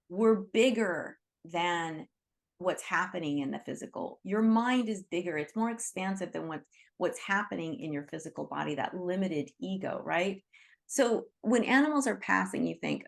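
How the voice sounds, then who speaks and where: A woman's voice: medium pitch, expressive, a little slow, gravelly. A woman leading an online Reiki group by video call, talking in an earnest, reassuring way with many "you know"s. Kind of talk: teaching talk to an online group.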